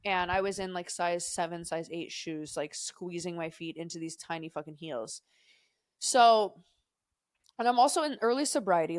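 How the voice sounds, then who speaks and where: Low-voiced woman telling profane stories. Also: no room sound, clean studio sound. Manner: rambling, profane storytelling with digressions. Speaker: podcast co-host. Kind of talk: casual chat.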